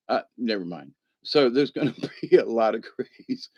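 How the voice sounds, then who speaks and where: A man chats on a livestream in a middle-pitched voice. He rambles from one story to the next and laughs often. He breaks off to answer viewers in the chat. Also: animated, normal speed, no room sound, dull audio. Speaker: livestream host.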